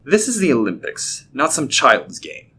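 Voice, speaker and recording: A man's voice: fairly low pitch, moderate pace, bright, forceful tone, a little hiss or hum. A man voicing a short, pudgy, dismissive official with a nasal voice. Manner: dismissive, derisive.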